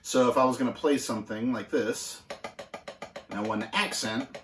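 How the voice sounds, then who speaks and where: A man teaching basic drum exercises in a casual, halting way, with plenty of filler words. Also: medium pitch, echoey room, faint music behind. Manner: relaxed, halting with many fillers. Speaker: drum instructor. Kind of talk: casual instructional demonstration. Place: music school practice room.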